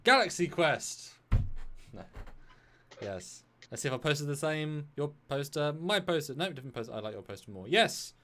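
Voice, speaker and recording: A man's voice: fairly high pitch, a little fast, a little hiss or hum. A man co-hosting a casual live film discussion, arguing his view with jokes along the way. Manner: animated, jokey, argues his point. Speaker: co-host.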